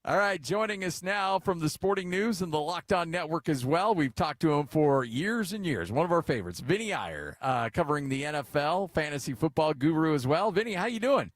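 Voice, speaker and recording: A man's voice: fairly high pitch, lively intonation, a little fast, few pauses, no room sound. A middle-aged American man hosting a sports radio show, chatty and joking, telling stories in a casual way.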